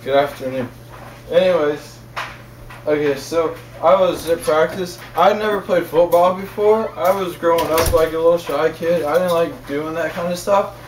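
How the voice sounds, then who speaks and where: A man's voice: fairly high pitch, fairly even intonation, normal speed. A young man telling a casual story in a rambling, repetitive way, chuckling as he talks. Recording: echoey room, far from mic, faint noise.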